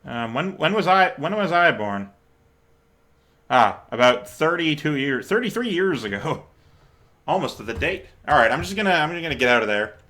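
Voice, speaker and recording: A man hosting a let's play, chatting casually and reading the game's text aloud in a playful, quick-laughing way with the odd mild swear. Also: a little high, very animated, bright, forceful tone.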